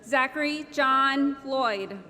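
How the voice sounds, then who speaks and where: A woman reading out graduates' names one by one at a commencement, slow and measured, over a podium microphone. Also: high voice, noisy background. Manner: slow, measured name-by-name announcing. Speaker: commencement name reader. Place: large ceremony hall. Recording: echoey hall with loud crowd ambience.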